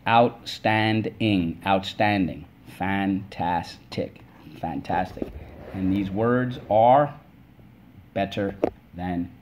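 A man's voice: sits low, a little mellow, a little hiss or hum. A male teacher giving a spelling lesson to children, patient and stretching out the syllables of each word. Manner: slow, patient, drawn-out syllables.

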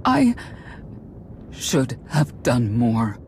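Remorseful warrior mother, slow and earnest, pleading, game cutscene. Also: very deep voice, very animated, a little mellow, a little hiss or hum, full character voice. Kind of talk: video game dialogue.

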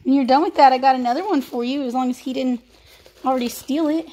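A woman's voice: high voice, fast, mellow. A woman, filming a casual vlog as a pet sitter and talking to dogs in sing-song baby talk.

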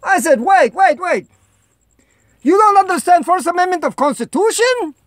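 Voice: very high-pitched, lively intonation, moderate pace, no room sound. A performer putting on a Russian-accented home vlogger who rambles in broken English, making jokey asides. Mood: chatty. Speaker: vlog host. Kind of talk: comedic home vlog monologue.

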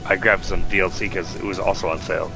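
Low-voiced man guiding a co-op game. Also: flat delivery, quick pace, vocal fry, poor audio. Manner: explains the game and gives directions. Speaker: gamer playing co-op with a friend. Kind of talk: casual gameplay chat. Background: loud game music and battle sounds.

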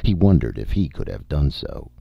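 A man narrating an audiobook in a measured storytelling read. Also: rumbling low, sing-song, vocal fry, breathy edge, no room sound, soft background music. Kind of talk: scripted narration. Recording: dull, dry audiobook recording.

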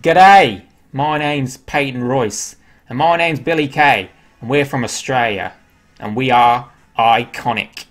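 A man's voice: mid-range voice, takes it slowly, natural voice. A man impersonating a pair of brash young female wrestlers who are introducing themselves in a sing-song way. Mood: boastful.

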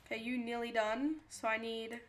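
A woman's voice: a little high, level tone, normal speed, a little hiss or hum. A young woman streaming a game, chatting casually to herself and reading chat aloud. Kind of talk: casual live-stream chatter while playing a cooking game.

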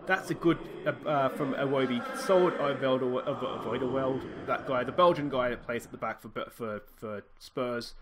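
A young Australian man casually commentating his own football management game, thinking aloud and breaking into excited shouts at goals. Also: mid-range voice, moderate pace, hardly any pauses, noisy background. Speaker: let's play host.

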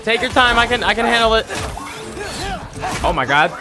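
A male streamer gives excitable gaming commentary, full of exclamations and curses. His voice is high and very animated in pitch. Game music plays clearly behind him. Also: moderate pace. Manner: loud, reactive, cursing, exclaiming.

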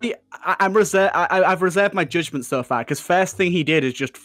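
A man's voice: sits high, a little fast, a bit bright. A man reacting to a party game with friends, stammering a bit as he jokes. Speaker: guest player. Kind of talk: casual group gaming chat.

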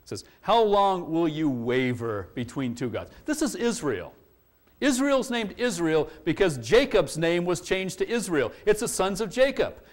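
Man, pastor, sermon, fairly high voice, very lively pitch, animated scripture quotes. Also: a little slow. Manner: expository preaching, animated when quoting scripture.

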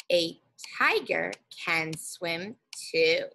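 Woman teacher, early reading lesson, lively sing-song pitch, a touch of vocal fry, drawn-out words. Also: a little hiss or hum, low-quality recording. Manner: slow, encouraging, stretches out words for small children. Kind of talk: guided reading lesson for young children.

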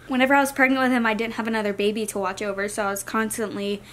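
A young adult woman vlogger talking casually to the camera in a chatty, rambling, soft-spoken way. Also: fairly high pitch, little pitch movement, racing.

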